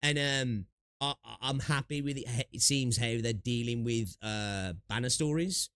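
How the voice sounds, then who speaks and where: A man's voice: mid-range voice, unhurried, a bit bright. A young man chatting casually on a gaming livestream, rambling with lots of fillers and asides, through a close desk mic with noise suppression. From United Kingdom.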